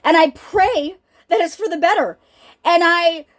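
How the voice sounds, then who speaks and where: A woman's voice: very high voice, a little slow. A middle-aged woman giving an earnest, emphatic personal faith talk, speaking straight to her listeners. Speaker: healing ministry speaker.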